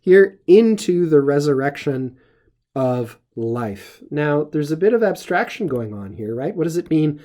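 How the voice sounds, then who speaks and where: A middle-aged man teaching Latin, explaining grammar step by step in a measured lesson. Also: a little high, big pitch swings, dark tone.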